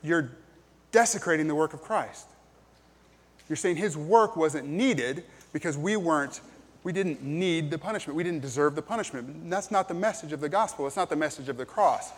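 A man's voice: on the high side, moderate pace, slightly rough, in a large hall. A man preaching a sermon as pastor, earnest and plain-spoken, with frequent ums and restarts.

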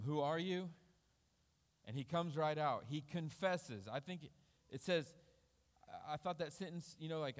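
A man's voice: medium pitch, big-room sound. A man giving a conversational sermon, thinking aloud with fillers and restarts. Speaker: lay preacher.

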